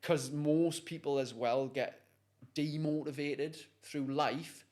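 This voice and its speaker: Man telling an animated story. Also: fairly high pitch, takes it slowly. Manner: animated, acts out voices. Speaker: guest, motivational speaker. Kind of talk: storytelling in conversation.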